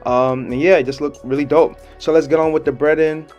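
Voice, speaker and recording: A man's voice: a little high, fairly even intonation, fairly quick, darkish tone, highs cut off, faint music behind. A young man giving a casual video review of a comic chapter, talking in a laid-back, slangy way and laughing often.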